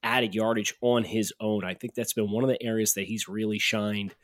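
A man's voice: lowish voice, steady tone, normal speed, no echo. A man co-hosting a sports podcast, chatting casually and breaking into heated, jokey rants. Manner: ranting, jokey. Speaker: podcast co-host.

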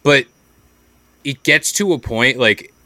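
A man's voice: medium pitch, takes it slowly, bright, forceful tone, no echo. A young man from New York co-hosting a podcast in casual chat, rambling and filling his talk with "like". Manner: rambling, says "like" a lot. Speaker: podcast co-host.

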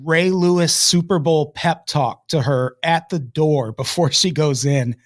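A man hosting a podcast in casual chat, retelling scenes in an animated way and swearing freely. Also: on the high side, a little slow. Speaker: podcast host.

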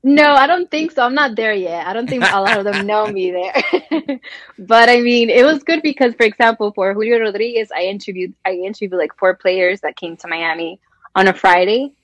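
A woman's voice: medium pitch, brisk, no echo, poor audio. A woman from Colombia, a guest sports journalist, chatting in an interview and acting out the voices in her stories. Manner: animated storyteller, acts out quoted voices. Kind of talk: casual interview chat.

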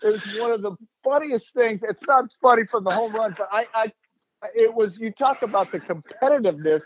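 A man hosting a casual chat, telling an animated story, laughing and acting out quotes. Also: high-pitched, brisk, a little hiss or hum. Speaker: host, former player. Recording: dull, lo-fi dry sound.

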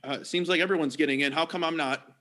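A man's voice: on the high side, fast, sharp tone. A man hosting a casual interview and asking playful, teasing questions. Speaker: interviewer host.

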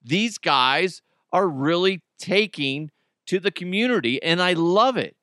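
A man's voice: sits high, animated, measured pace, a bit bright, no echo, clean studio sound. A man hosting a podcast on his own, riffing casually with jokes and swearing. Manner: jokey, profane, riffing, reads live ad. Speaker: podcast host. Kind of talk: casual solo podcast talk.

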